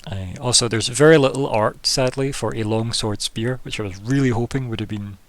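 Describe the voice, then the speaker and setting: A man's voice: medium pitch, brisk, no room sound. Chatty man with a sore throat. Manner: chatty, rambling, laughs often. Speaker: game master. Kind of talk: narrating a tabletop game. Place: home setup, online call.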